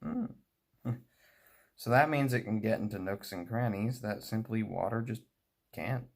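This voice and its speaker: The American man tinkers with a model train and rambles casually, frequently amused by his own remarks. He speaks at a measured pace in a fairly low, creaky voice with lively intonation.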